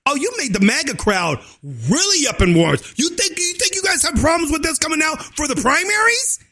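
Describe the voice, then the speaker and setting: Dude ranting about politics, real high bright voice, cussing and yelling. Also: male voice, sing-song, fairly quick. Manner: fiery, keeps shouting and adding "and so forth"; crude slang and cursing. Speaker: vlogger.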